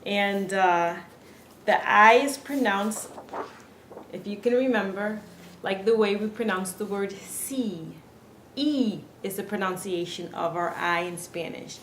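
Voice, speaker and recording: A woman gives a pronunciation lesson in a slow, unhurried way. She patiently says each word twice for the listener to copy. Her voice carries an echo from the room, with a faint hum of noise behind it. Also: mid-range voice, fairly bright tone. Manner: patient, repeats words slowly for practice. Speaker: Spanish pronunciation teacher.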